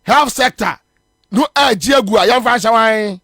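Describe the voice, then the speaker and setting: A man's voice: high-pitched, moderate pace, sharp tone, dry recording, clean studio sound. A Ghanaian man hosting a morning radio show, delivering combative political commentary and hammering his points with repetition. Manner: combative, scornful, repeats phrases for emphasis.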